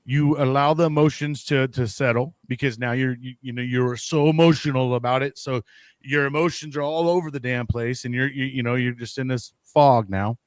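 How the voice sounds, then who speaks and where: A man's voice: medium pitch, steady tone, moderate pace, clean tone, dry recording. Casual rambling man host. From United States. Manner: rambling, many restarts and fillers, casual swearing. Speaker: podcast host. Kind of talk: casual conversation.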